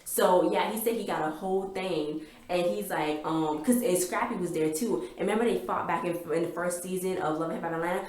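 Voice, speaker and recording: A woman giving a rambling, excitable casual recap of a TV episode, full of fillers. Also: lowish voice, quick pace, roomy sound. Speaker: TV recap vlogger.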